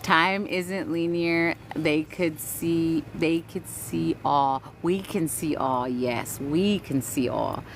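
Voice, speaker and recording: Brief: woman host, low-pitched, casual spiritual livestream chat, preachy and emphatic, faint music behind. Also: slow, few pauses. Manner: animated, reads chat aloud, greets viewers warmly by name; preachy, repeats "right?" for emphasis, swears casually.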